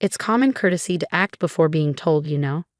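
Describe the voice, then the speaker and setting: A snappish, bossy mother-in-law grumbles and gives orders as a woman narrator reads her part. The voice sits a little low and sounds dry and close. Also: animated, fairly quick, no echo. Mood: grumbling. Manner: snappish, complaining.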